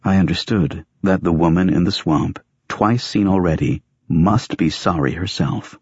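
Rich: A man reads a novel in the first person in a measured, wry manner. His voice is very deep and husky. The recording is dry and slightly dull. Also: a little mellow, dry recording. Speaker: audiobook narrator. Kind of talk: first-person scripted narration.

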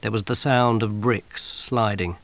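A man narrating an audiobook in an expressive, wry storytelling manner on a close studio mic. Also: fairly low pitch, measured pace, no room sound.

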